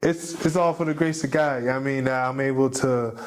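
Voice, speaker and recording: Guy on a podcast, casual and heartfelt, rambles a lot, mid-pitched voice. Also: steady tone, fast. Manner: rambling, heartfelt, fills with "you know what I mean". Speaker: podcast guest, jiu-jitsu competitor. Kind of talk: casual conversation.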